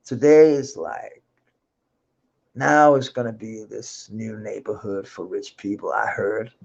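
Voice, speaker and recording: On an unscheduled livestream, a Danish man chats in Danish-accented English about his music life, rambling, swearing freely, laughing often, and restarting a lot. His voice sits on the low side with vocal fry and a darkish tone, delivered slowly with fairly even intonation. The highs are cut off.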